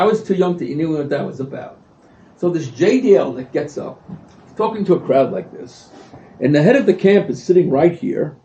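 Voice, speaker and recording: A man giving an animated storytelling speech at a community event, acting out what people said. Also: a little high. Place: event hall. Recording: distant echoey lo-fi livestream audio.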